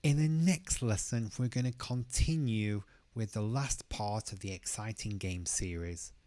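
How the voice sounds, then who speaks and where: A man teaching English pronunciation, slowly repeating each word clearly for learners in a careful lesson style. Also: on the low side, warm tone, no room sound.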